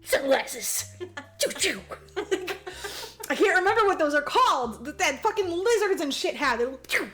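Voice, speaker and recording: Woman podcast host, high pitch, casual profane movie recap with faint music behind. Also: sing-song, moderate pace, sharp tone. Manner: rambling, swears a lot, heavy fillers.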